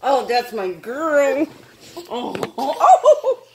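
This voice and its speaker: Woman, high voice, animated, slow, baby talk to pets, laughing, phone video at home. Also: background noise. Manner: baby talk to dogs and a toddler, laughs often. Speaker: vlogger, dog owner. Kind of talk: casual home video chat. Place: indoors at home with dogs. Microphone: handheld phone.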